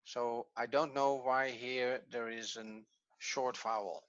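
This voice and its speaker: A man's voice: mid-range voice, steady tone, slow, a bit bright, no room sound, highs cut off. A man teaching an evening language class, patiently explaining step by step and thinking aloud as he works. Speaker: Hebrew teacher.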